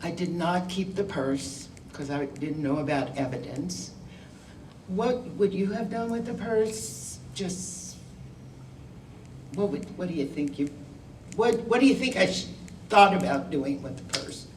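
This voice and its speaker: Older woman telling her story, slow and roomy. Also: lowish voice, lively intonation, darkish tone, a little hiss or hum. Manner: candid, wry, conversational storytelling. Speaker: guest speaker. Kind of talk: storytelling talk to students. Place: school classroom. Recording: roomy sound from a distant mic.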